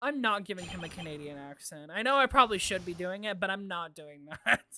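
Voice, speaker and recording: A woman's voice: on the low side, lively intonation, brisk, bright, forceful tone, dry recording. A young woman streamer chatting playfully and giggling between lines while she reads a game aloud. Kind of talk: casual chat during a game reading.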